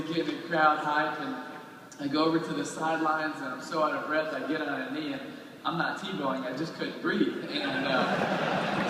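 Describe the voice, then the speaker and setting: Animated man telling stories in a hall. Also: on the high side. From Florida. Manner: animated storyteller acting out quotes. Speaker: guest speaker. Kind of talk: storytelling talk to a live audience. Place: large hall with audience. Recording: roomy hall recording from far off, noisy.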